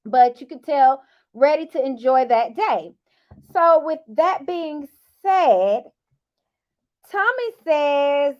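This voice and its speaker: High-voiced woman, sassy recap vlogger, casual and teasing. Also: slow pace, lo-fi sound. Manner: sassy and animated, teasing asides. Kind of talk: casual chatty commentary.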